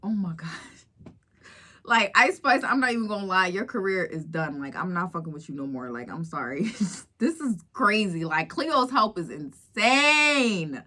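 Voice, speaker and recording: A woman's voice: fairly low pitch, lively intonation, normal speed, pushed and bright. A woman giving reaction commentary, incredulous and repeating herself as she talks it through. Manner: incredulous, repetitive, laughing asides.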